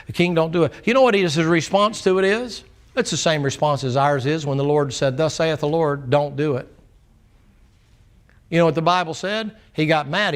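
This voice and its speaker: Folksy preacher, fairly high voice. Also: male voice, fairly bright tone. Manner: folksy, plainspoken, acts out dialogue. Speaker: pastor. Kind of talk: sermon. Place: church sanctuary.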